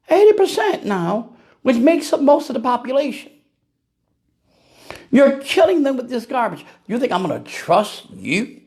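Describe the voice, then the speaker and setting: Laughing at his own jokes and throwing out rhetorical questions, a male vlogger rants casually about politics to the camera. His voice is very high and a little mellow.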